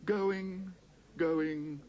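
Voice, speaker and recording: A man voicing a brisk male auctioneer in a storybook reading, calling out bids in a loud sing-song. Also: high-pitched, fairly even intonation, lo-fi sound, a little hiss or hum, pitched above the performer's own voice.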